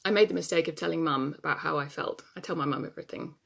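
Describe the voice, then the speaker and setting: A woman's voice: sits low, fast talker, gravelly, a bit bright, exaggerated voice. A woman performing a stage monologue as an adult daughter anxious about her aging parents, telling her story in a wry, confessional way. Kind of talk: theatre monologue.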